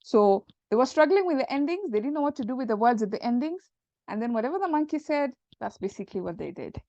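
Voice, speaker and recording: A woman teacher telling a playful, jokey story to explain a lesson, in a conspiratorial, animated way. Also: a little high, fast, no room sound. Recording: dull dry lo-fi recording.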